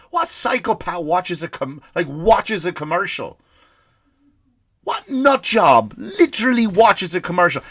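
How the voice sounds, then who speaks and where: A man's voice: sits high, fairly bright tone, dry recording, clean studio sound. A man hosting a comedy podcast, ranting profanely and firing off rhetorical questions. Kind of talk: comedic rant.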